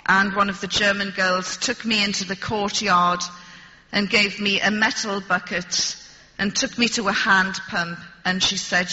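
A woman's voice: medium pitch, fairly even intonation, a little slow, sharp tone, big-room sound, dull audio. A woman telling a story to an audience with dry, wry humor. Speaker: speaker addressing an audience. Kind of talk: storytelling talk.

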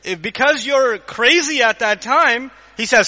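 A man delivers a lively religious lecture in a very high, bright voice. He acts out little scenes and keeps asking the audience questions. The recording is dull and lo-fi. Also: measured pace, few pauses, in a large hall. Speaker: Islamic lecturer.

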